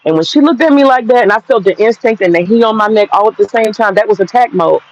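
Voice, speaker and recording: A woman's voice: medium pitch, fast, darkish tone, dull audio. A woman in her forties telling a personal story straight to viewers, blunt and profane, laughing through it. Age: 40s. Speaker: vlogger.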